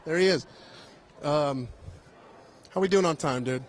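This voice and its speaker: A man with a fairly high voice walks a loud convention hall while hosting a live stream. He jokes, swears casually and rambles loosely, sounding a little winded. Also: unhurried, a little hiss or hum. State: tired, a bit out of breath. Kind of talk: casual walk-and-talk chat.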